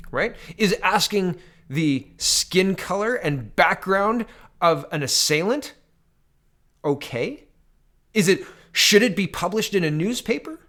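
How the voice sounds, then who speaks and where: A Canadian man with a high-pitched, slightly bright voice offers casual political commentary to camera. He speaks in a loose, conversational way, restarting sentences and reading quotes aloud.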